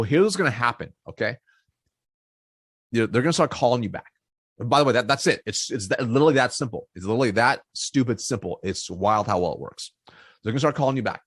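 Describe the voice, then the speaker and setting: Husky-voiced man coaching sales. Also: medium pitch, fairly bright tone, no echo, studio quality. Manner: direct, repeats points, many okays and all rights. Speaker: sales trainer. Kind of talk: casual teaching to camera.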